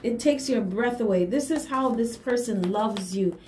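A woman with a fairly high voice gives a casual tarot reading, emphatic and affirming, with hums of agreement between her points. The sound is echoey, as if recorded in a bare room, with faint hiss underneath. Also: normal speed, a little mellow. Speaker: tarot reader.

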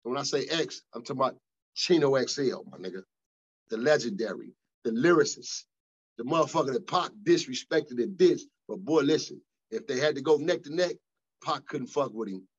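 A man's voice: mid-range voice, normal speed, breathy edge, muffled recording. A middle-aged man telling stories in a casual interview, profane and emphatic. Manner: profane, emphatic, animated storytelling. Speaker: guest.

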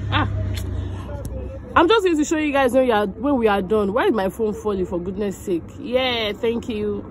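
A woman's voice: medium pitch, background noise. A young Nigerian woman with a Nigerian accent, chatting to her phone camera in a casual vlog, effusive and grateful. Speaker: vlogger.

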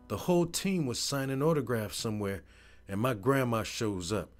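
A man narrating a first-person story in a scripted voice-over, animated and profane. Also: medium pitch.

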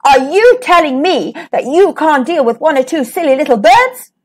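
A woman voicing a grumpy, bossy male pig king who yells his demands in a storybook reading. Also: a little high, lively intonation, normal speed. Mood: angry. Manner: yelling, demanding.

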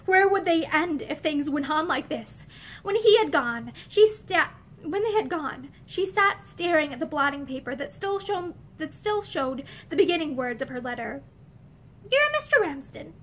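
High, lively woman reading a novel aloud. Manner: measured, expressive storytelling. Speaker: reader. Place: indoor room with bookshelves.

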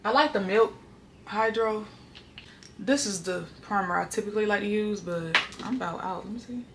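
A woman's voice: medium pitch, normal speed, background noise. A young woman, vlogging from home in a chatty, candid way and talking straight to her viewers. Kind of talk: casual vlog chat. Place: at home, roomy indoor space. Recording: echoey room, distant mic.

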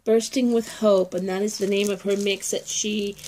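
A woman's voice: mid-range voice, flat delivery, moderate pace, a little mellow, slight background noise. A woman unboxing nail art mail for her viewers, chatty and heartfelt, with a grandchild, calling her audience ladies and getting teary. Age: older. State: tearful. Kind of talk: casual unboxing vlog.

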